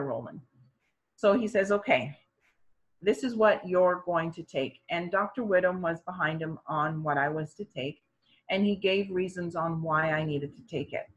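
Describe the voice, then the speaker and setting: This storyteller is a middle-aged woman with a lowish voice and moderate pace, heard through poor audio. Sharing her own health experience conversationally, she animatedly imitates the doctors and parents in the tale.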